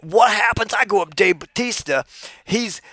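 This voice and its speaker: A man doing a comic impression of a brash, boastful male wrestling personality who drawls through tall tales and shouts taunts. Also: high voice, lively intonation, normal speed, dry recording, studio quality, faint music behind, voice pushed up, exaggerated voice. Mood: rowdy.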